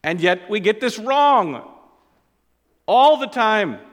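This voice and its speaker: A man preaching a sermon as pastor. He stresses and repeats key phrases, and his voice swings between loud and quiet. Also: sits high, big pitch swings, slow pace, big-room sound.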